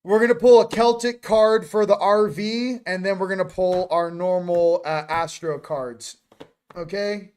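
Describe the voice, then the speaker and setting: A man's voice: high voice, fairly even intonation, a little slow, darkish tone, clear, resonant tone. A man hosting a casual morning chat, joking and rambling as he goes. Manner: joking, rambling, self-interrupting. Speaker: host.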